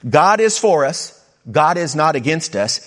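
A middle-aged man preaching with a lively, swinging delivery. His voice leaps high for emphasis and drops low and quiet, and he breaks into casual asides to his listeners. He speaks a little higher than most men. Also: a little slow. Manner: animated preaching, pitch rising for emphasis and dropping low; conversational asides to the congregation. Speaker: pastor. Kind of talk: sermon.

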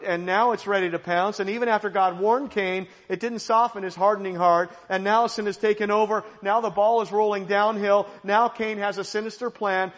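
Brief: male pastor, high voice, hammering emphatic phrases, long reverb of a big room. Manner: emphatic, repetitive preaching cadence. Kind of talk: sermon.

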